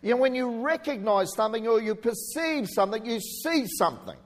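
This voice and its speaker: A man from New Zealand with a New Zealand accent, preaching a sermon in a conversational way with joking asides and shouted emphasis. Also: extremely high pitch, expressive, a little fast. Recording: hall reverb.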